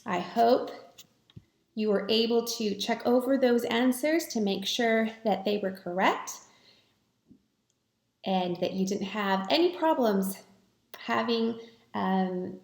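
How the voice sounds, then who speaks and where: A woman teaching a recorded math lesson to students, talking in a slow, patient, encouraging way. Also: mid-range voice, vocal fry. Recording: echoey room.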